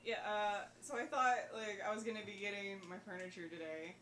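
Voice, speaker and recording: A woman's voice: medium pitch, a little fast, fairly bright tone, reverberant, slight background noise. A woman joining a game stream, chatting and laughing casually as she rambles through a story. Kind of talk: casual chat.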